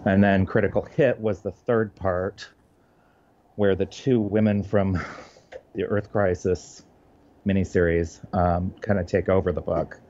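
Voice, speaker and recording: A man's voice: sits low, steady tone, darkish tone, lo-fi sound. A man, a comic book writer, talking casually in an interview, often restarting his sentences. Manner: halting, many restarts and fillers.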